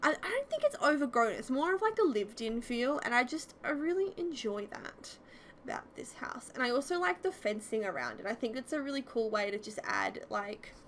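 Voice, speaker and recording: Woman, casual voice-over, chatty and self-deprecating, lively pitch, slight hiss. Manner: chatty, fast, many "like" fillers. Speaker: YouTuber.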